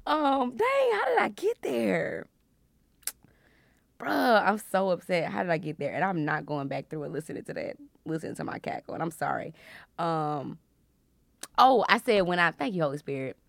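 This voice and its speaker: Animated young woman teaching the Bible. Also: fairly low pitch, normal speed, gravelly, no echo, studio quality. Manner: animated, laughs loudly and often, playful preacher tone. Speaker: faith podcast host.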